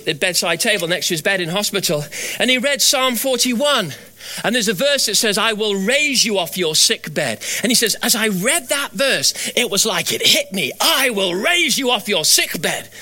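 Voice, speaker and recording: In his sermon, a middle-aged preacher rises to high, fervent exhortation, then falls back to telling stories quietly.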